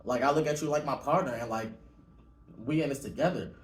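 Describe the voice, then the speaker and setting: A man's voice: medium pitch, a little fast. Laid-back man sharing opinions, roomy sound. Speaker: podcast co-host. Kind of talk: casual podcast chat. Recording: roomy, distant mic.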